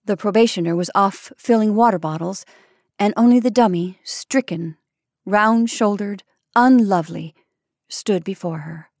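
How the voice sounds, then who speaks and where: A woman narrating an old short story in a measured, expressive reading. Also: medium pitch, no room sound, studio quality. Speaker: story reader. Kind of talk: scripted narration.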